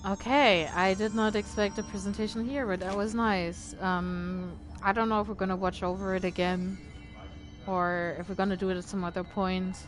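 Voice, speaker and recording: A woman's voice: medium pitch, fairly even intonation, normal speed, faint music behind. A woman streamer giving casual gameplay commentary in a chatty, filler-heavy way, with bursts of alarmed swearing. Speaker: game streamer. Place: at home at a gaming setup. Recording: game noise behind a streamer mic.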